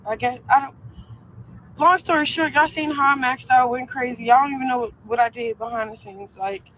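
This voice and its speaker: A woman's voice: high-pitched, fairly even intonation, fairly quick, fairly bright tone, a little hiss or hum, rough recording. A young woman ranting on a live stream, defiant and profane, full of fillers. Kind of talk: casual live-stream rant.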